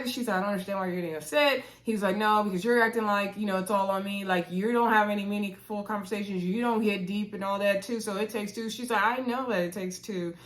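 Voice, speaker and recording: A woman hosting a casual reality show recap, chatty and animated, acting out quotes with playful voices. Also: mid-range voice, fast, few pauses.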